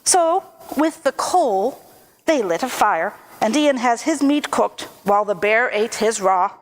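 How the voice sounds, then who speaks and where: A woman telling a folk tale aloud at a church service, lively and expressive. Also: fairly high pitch. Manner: lively, expressive, slow storytelling.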